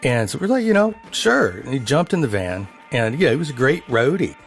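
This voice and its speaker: A man's voice: medium pitch, big pitch swings, fairly quick, loud music behind the voice. A man from a band telling a profane road anecdote in a documentary interview. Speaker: band member.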